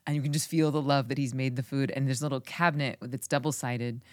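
A woman's voice: very deep voice, fairly even intonation, quick pace, no echo, clean studio sound. A woman hosting a podcast, chatting casually with her guest in an enthusiastic, affirming way. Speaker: podcast host. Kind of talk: casual interview chat.

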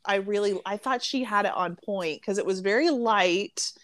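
A woman's voice: medium pitch, moderate pace, a bit bright. A woman chatting casually about a book she loved, opinionated and often laughing. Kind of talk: casual book review chat.

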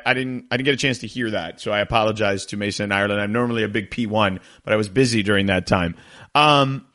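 A man hosting a sports talk radio show, rambling energetically and jumping up in pitch when excited.

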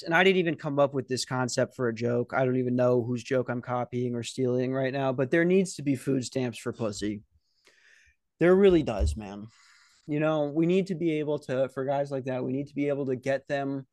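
A young man hosting a podcast, telling rambling, profane stories in a casual, animated way. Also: mid-range voice, moderate pace, dry recording, clean studio sound. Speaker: podcast host. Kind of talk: casual storytelling. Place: security office at night.

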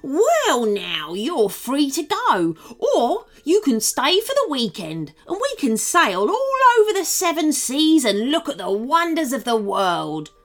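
A woman voicing a boisterous bearded male pirate in a storybook, booming and laughing. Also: wildly swooping pitch, slow, few pauses, heavily acted. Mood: jolly.

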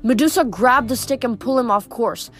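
A woman reading a novel aloud in steady storytelling narration. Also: on the high side, fairly quick. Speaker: reader.

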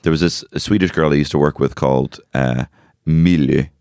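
A man's voice: rumbling low, fast, a little mellow, smooth, no room sound, clean studio sound. A man with a Dublin accent, co-hosting a podcast in crude, sweary banter. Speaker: podcast co-host. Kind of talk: casual chat.

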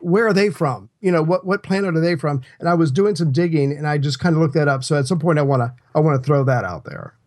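Chatty podcast co-host man with a fairly high voice. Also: fast, hardly any pauses, darkish tone. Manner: easygoing, chatty, agreeable. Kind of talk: casual history podcast chat.

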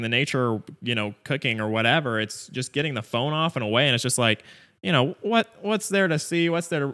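A man's voice: fairly low pitch, bright, forceful tone. A man co-hosting a podcast in casual chat, laid-back and reflective. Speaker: podcast co-host.

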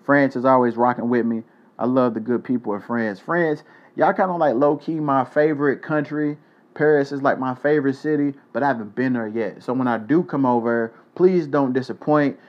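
Young male podcast host, loose and profane delivery, medium pitch, muffled home recording. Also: moderate pace. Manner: loose, joking, profane shout-outs. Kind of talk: casual solo podcast.

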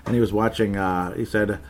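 A man hosting a sports podcast in casual chat, rambling, chuckling often and correcting himself as he reads listener comments. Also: on the low side.

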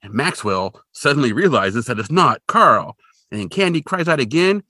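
A man tells a cartoon's plot in casual podcast chat. His voice is bright and it swings widely in pitch as he gets animated. The recording is close and dry. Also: brisk, no echo. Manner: animated storyteller, jumps into high voices for quoted characters. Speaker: podcast co-host recapping a cartoon episode.

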